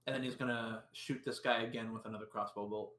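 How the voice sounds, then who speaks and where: A man's voice: lowish voice, steady tone, fast, fairly bright tone, low-quality recording. A man playing in a tabletop game who makes wry jokes about his own character.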